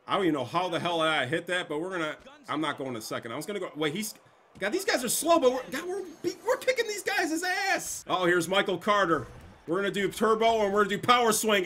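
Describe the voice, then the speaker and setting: Excitable young man trash-talking a game. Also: on the high side. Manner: excitable, profane trash talk. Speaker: gameplay streamer. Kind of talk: casual gaming commentary.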